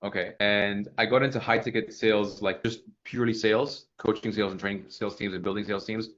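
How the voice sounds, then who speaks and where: Fast-talking male sales coach, lo-fi. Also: on the low side, slight background noise. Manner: fast, animated, acts out sample questions. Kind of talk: casual coaching feedback.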